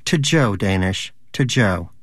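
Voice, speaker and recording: A man's voice: on the low side, lively intonation, slow, dry recording, clean studio sound. A man voicing a pious, bitter, hungry male pet rodent in a storybook reading, preachy and indignant.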